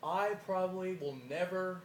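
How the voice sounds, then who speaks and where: A man's voice: high voice, fairly even intonation, moderate pace, slight background noise. A man cutting a boastful, profane wrestling promo, his voice a bit worn. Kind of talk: trash-talking wrestling promo. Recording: echoey room, faint ambience.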